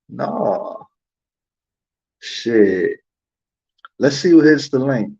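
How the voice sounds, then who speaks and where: Ranting profanely on his livestream, a host keeps throwing out rhetorical questions in heated commentary. His mid-range voice is animated, gravelly, mellow and husky, with drawn-out words, and the stream audio sounds dull and lo-fi.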